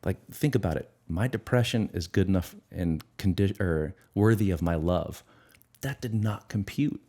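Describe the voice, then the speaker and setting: A middle-aged addiction recovery expert with a very low, warm voice speaks earnestly as an interview guest at a normal pace with lively intonation. He reflects on his own experience and occasionally acts out small inner conversations.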